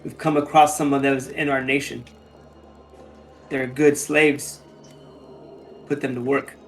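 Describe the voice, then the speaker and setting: A man voicing a stern female Inquisitor who speaks in a slow, measured way. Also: medium pitch, little pitch movement, faint music behind, natural voice. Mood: cold.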